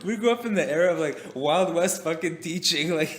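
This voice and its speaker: A man with a fairly high voice rambles through a story in casual podcast chat. He fills his talk with "like" and swears freely. The room adds noticeable echo. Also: a little fast, slight background noise. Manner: rambling, profane, full of "like" fillers. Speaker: podcast co-host.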